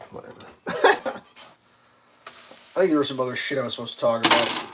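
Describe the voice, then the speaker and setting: This live streamer speaks in a mid-range voice at a moderate pace, ranting profanely about traffic and leaning heavily on "like." It's a rambling, animated telling, with other drivers acted out in sudden loud outbursts.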